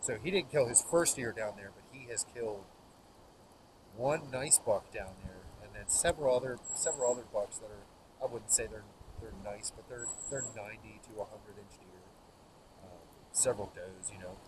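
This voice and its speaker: A man's voice: fairly low pitch, normal speed. A man, host of the show, telling rambling, folksy hunting stories around a campfire outdoors. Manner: folksy, rambling, laughs at his own stories. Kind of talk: casual storytelling by a campfire. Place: outdoors by an open fire. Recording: outdoor recording with steady background noise.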